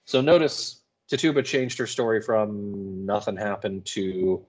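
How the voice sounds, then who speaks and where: A male student reads a play aloud for class, adding informal, explanatory commentary with quick asides. His voice is lowish and darkish in tone, with fairly even intonation.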